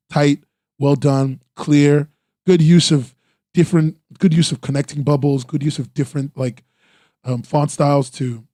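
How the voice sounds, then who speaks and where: A man's voice: fairly high pitch, mellow, dry recording, clean studio sound. A man casually reviewing webcomics on a stream, rambling with lots of "like" and restarts, eager in his praise. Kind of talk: casual live-stream commentary.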